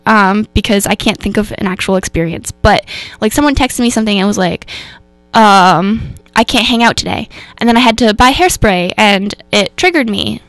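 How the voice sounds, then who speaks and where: A woman's voice: mid-range voice, no echo. A woman hosting a radio show, talking in a rambling, earnest way about coping with emotions, full of fillers and self-corrections. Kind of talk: casual spoken reflection on mental health. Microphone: radio studio microphone.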